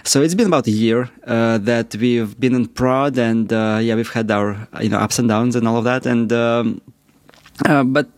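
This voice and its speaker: A man co-hosting a podcast in casual chat, halting with many restarts and frequent chuckles. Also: medium pitch, steady tone, dry recording. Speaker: podcast co-host.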